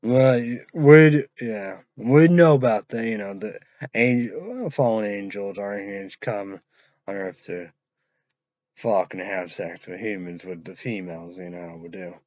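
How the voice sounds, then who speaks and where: A man's voice: on the low side, measured pace, a little mellow, no echo, lo-fi sound. A man rambling and swearing through a casual vlog, trailing off into mumbles. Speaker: vlogger reviewing an energy drink.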